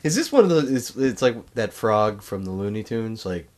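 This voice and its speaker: Wisecracking man with a lively pitch. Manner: dry wisecracks, quick asides. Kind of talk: casual comedic banter.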